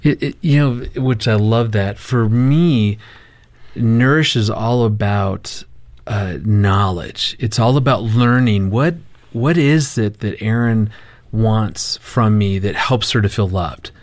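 A middle-aged man, a marriage counselor guest, telling a family story in casual talk, animated with halting restarts. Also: fairly low pitch.

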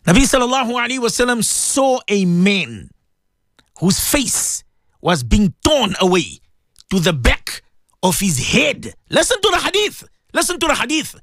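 A man preaches over the radio in a fervent, repetitive way, firing direct questions at his listeners. His pitch swings widely as he talks. The sound is close and dry, with no room around it. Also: fairly bright tone, no room sound. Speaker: radio presenter giving religious advice. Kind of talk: impassioned radio sermon.

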